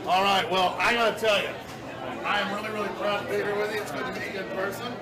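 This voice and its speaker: Man, taunting, mocking, very high voice, far off in an echoey crowd. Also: level tone, fast talker. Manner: mocking, goading. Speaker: visiting provocateur. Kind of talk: taunting confrontation.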